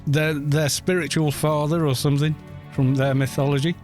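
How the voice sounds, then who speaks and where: A man's voice: fairly high pitch, little pitch movement, normal speed, darkish tone, soft background music. A man from Wales chatting casually on a gaming live stream, rambling, laughing often and swearing at the game.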